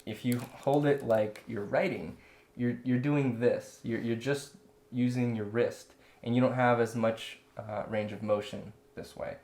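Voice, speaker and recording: A man's voice: mid-range voice, fairly even intonation, a little slow, a little mellow. A man co-hosting a casual drawing lesson, explaining step by step while he demonstrates. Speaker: drawing instructor co-host. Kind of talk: casual teaching chat.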